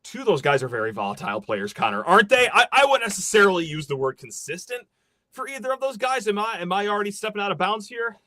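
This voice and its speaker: Brief: high, lively man, podcast host on a sarcastic rant, dry close sound. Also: fast talker, dry recording. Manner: animated, ranting, sarcastic.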